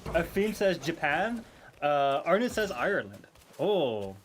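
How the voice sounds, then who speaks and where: A native Dutch speaker from the Netherlands, this man has a Dutch accent leaning American and chats casually with viewers while streaming a game, rambling with lots of fillers and restarts. His voice is on the high side and sing-song, at a measured pace, with faint music behind him.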